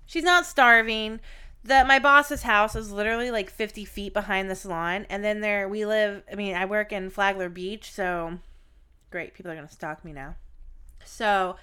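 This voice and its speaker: A woman's voice: mid-range voice, moderate pace, pushed and bright, smooth. A woman co-hosting a podcast, telling a profane, blunt story in casual chat. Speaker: podcast co-host.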